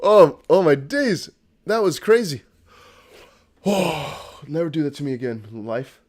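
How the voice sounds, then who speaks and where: A man hosting a live crypto stream, excitable and rambling, out of breath and self-mocking. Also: a little high, unhurried. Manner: excitable, shouting and laughing with relief. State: out of breath, sweating. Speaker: crypto livestream host.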